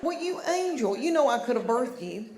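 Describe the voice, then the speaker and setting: A middle-aged woman from East Tennessee with a Southern accent, telling chatty, self-deprecating stand-up stories in a drawn-out folksy way. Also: a little high, sing-song, over a noisy crowd, very noisy. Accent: Southern American (East Tennessee). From East Tennessee, USA. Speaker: stand-up comedian. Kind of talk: stand-up storytelling. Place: large theater stage with audience. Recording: long hall reverb, clear audience ambience.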